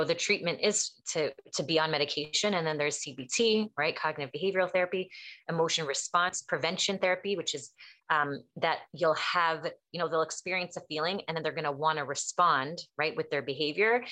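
A woman with a low voice talks through mental health topics in a relaxed, conversational way. She tells anecdotes and jumps into quoted dialogue with lively shifts. She sounds like a therapist sharing her experience. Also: a little fast. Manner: animated storyteller acting out quotes. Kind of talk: casual explanatory chat.

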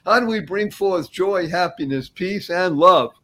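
Upbeat, rather high-voiced male host. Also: measured pace, fairly bright tone. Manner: enthusiastic, repeats key phrases for emphasis. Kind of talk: upbeat motivational talk.

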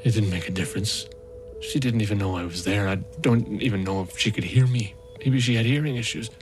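A man's voice: on the low side, brisk, soft background music, close to an everyday voice. A man playing a haunted rescue volunteer. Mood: shaken. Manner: intense, emotionally raw. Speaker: narrator. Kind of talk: dramatic first-person monologue.

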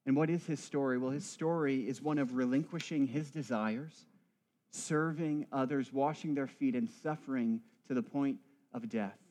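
A man's voice: medium pitch, normal speed, a little mellow. A male priest delivering a church sermon with rhythmic, building emphasis and wry asides.

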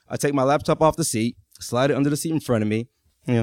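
In a clean, dry, studio-quality recording, this Texan in his thirties speaks fast at medium pitch with a darkish tone. He tells a live audience a personal story conversationally, repeatedly checking in with them.

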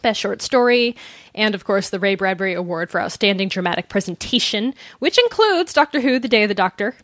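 A woman's voice: mid-range voice, lively intonation, brisk, fairly bright tone, dry recording. Woman cohosting a podcast, casual and chatty, kinda self-deprecating, dry close mic. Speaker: podcast co-host. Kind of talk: casual chat. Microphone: remote call.

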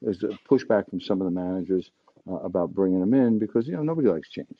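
Halting middle-aged man, low voice. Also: highs cut off. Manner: halting, many restarts and fillers. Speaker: dealership owner. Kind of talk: telling an anecdote to staff.

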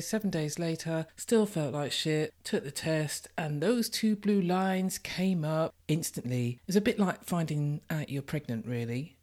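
A woman's voice: low voice, a little mellow. Woman, podcast host, solo casual monologue, blunt and sweary, stuffy head-cold voice. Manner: candid, chatty and swears freely. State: congested from a lingering head cold.

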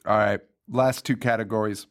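A man's voice: fairly low pitch, steady tone, moderate pace, clear, resonant tone. Laughing, swearing podcast guy. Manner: loose, laughing, profane. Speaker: podcast co-host. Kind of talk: casual movie chat.

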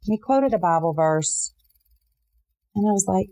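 A middle-aged woman earnestly telling a personal story in an interview, with fillers and restarts, acting out the voices in what people said. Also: moderate pace. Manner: earnest, animated retelling with many fillers and restarts; voices others in quotes, jumping high for her own reactions.

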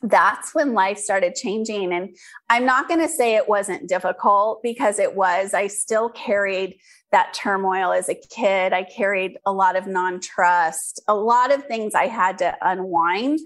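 A woman's voice: medium pitch, unhurried, fairly bright tone. A woman from California, an interview guest and business founder, telling her life story candidly and earnestly, with frequent ums and restarts. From California, USA.

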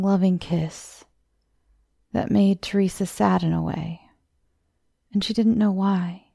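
A woman hosting a horror story show, reading the tale in a measured, scripted way. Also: on the low side, gravelly, warm tone, no echo, studio quality. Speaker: horror story narrator, podcast host.

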